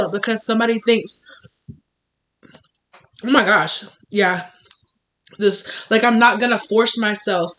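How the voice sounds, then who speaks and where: Bright, candid young woman ranting casually. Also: mid-range voice. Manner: candid, emphatic, uses fillers like "like". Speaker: tarot reader. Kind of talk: casual tarot reading monologue.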